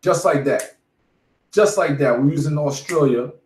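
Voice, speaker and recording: A man's voice: a little high, measured pace, a little mellow. A man around forty teaching the bible, casually preaching and telling war stories, emphatic and profane, saying "man" after almost every phrase. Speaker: street bible teacher leading the study. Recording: echoey room.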